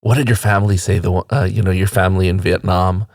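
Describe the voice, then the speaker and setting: A man's voice: sits low, steady tone, fast talker, darkish tone, no room sound, clean studio sound. A man hosting an interview, chatty and encouraging, with frequent uh-huhs. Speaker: interview host. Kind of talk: casual interview.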